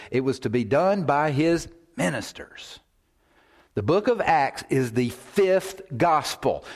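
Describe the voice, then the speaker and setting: A male preacher who takes his time, drawing each phrase out slowly. He builds with repeated lines and then sinks to a hushed whisper for emphasis, in a voice of middling pitch. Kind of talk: sermon.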